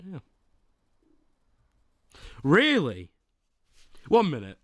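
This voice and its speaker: Lively young man streaming, dry close sound. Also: on the high side, very slow, no room sound. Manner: mock-indignant rants, then fumbling apologies to chat. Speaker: livestreamer ranking teas. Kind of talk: casual livestream chat.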